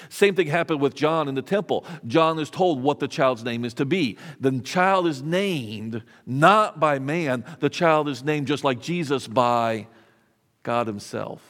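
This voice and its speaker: A man's voice: medium pitch, measured pace, in a large hall. A man preaching a sermon in a conversational way, with rhetorical questions and frequent restarts. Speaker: pastor.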